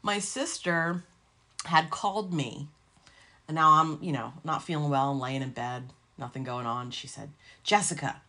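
A woman's voice: low-pitched, a little slow, sharp tone. A woman co-hosting a podcast, telling a long story in a rambling, casual way, swearing freely. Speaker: podcast co-host.

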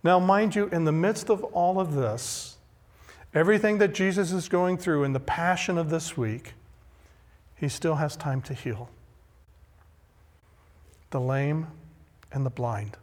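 Slow, emphatic male pastor preaching. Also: on the high side. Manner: emphatic, slow and deliberate preaching with repeated phrases. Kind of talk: sermon. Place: church sanctuary. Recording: long hall reverb.

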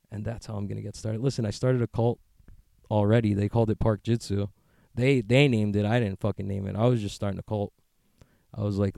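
Gravelly man ranting on a podcast. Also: lowish voice, steady tone, quick pace, dark tone, no echo. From United States. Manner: rambling, profane, joking, gets worked up into ranting. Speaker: podcast host. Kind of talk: casual podcast monologue. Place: outdoors on a street.

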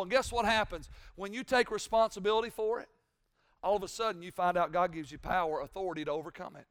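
Male pastor, sermon delivery, resonant and bright-pitched, repetitive and forceful. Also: steady tone, fast talker, no room sound, clean studio sound. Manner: preaching with rising, shouted emphasis and repetition.

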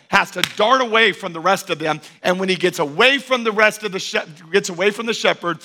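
A male pastor with a high voice preaches a sermon in a rhythmic, repetitive cadence. He swings between loud, emphatic declarations and hushed, intimate asides.

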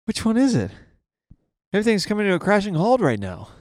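A man's voice: high voice, wildly swooping pitch, fairly quick, darkish tone, dry recording, studio quality. A man co-hosting a casual comedy chat, playful and mock-indignant, laughing often. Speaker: podcast co-host.

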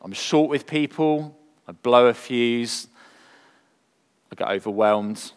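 A man preaching a sermon, earnest and full of rhetorical questions, moving from emphatic lines to hushed ones. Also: mid-range voice, takes it slowly, smooth. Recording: long hall reverb.

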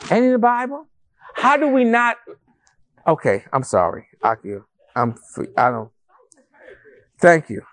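A male pastor preaching a sermon to a congregation in a church, animated and conversational, with rhetorical questions and calls to the congregation. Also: high voice, a little slow, pauses often. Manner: addresses the congregation as family, calls for responses.

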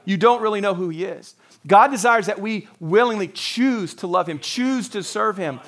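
A man's voice: high-pitched, normal speed, a bit bright. A man preaching a sermon, earnest and conversational, quoting scripture and acting out voices with small laughs. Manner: earnest, quotes scripture in character, chuckles often.

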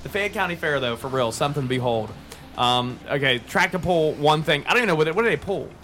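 A man's voice: fairly high pitch, lively intonation, fast, fairly bright tone, soft background music. A young man, hosting a casual podcast chat, rambling, swearing and laughing often.

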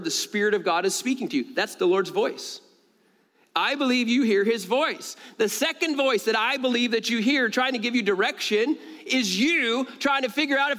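A man preaches to his congregation in a high, lively voice. He jumps up in pitch to drive his points home and laughs between stories. His words ring out with the long reverb of a large church sanctuary. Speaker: pastor. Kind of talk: sermon.

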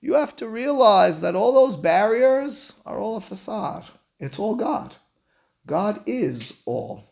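A man, a rabbi, giving a lecture to a class, animated and emphatic, then dropping into quiet asides. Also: high voice, takes it slowly, creaky. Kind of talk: classroom lecture on Jewish philosophy.

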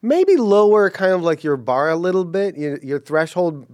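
A man's voice: high voice, big pitch swings, normal speed, a little mellow, no echo, dull audio. A man talking as a guest in a casual interview chat, hesitant and thinking aloud. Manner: hesitant, many fillers and restarts.

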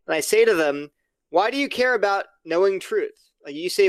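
A man's voice: sits high, a little fast, dry recording. A man speaking as a podcast guest, explaining his view earnestly and acting out both sides of imagined exchanges. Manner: earnest, argumentative, acts out quoted dialogue. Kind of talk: casual podcast conversation.

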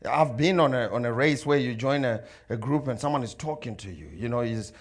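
A man's voice: mid-range voice, a little fast. Man preaching a story-driven sermon. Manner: storytelling, acts out dialogue and crowd voices. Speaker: pastor.

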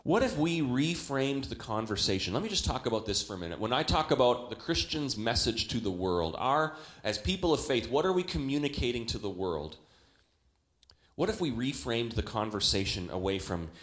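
A young adult man preaching a sermon in a church, talking conversationally with many rhetorical questions and animated quoted voices. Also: mid-range voice, brisk, reverberant. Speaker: pastor. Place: church hall.

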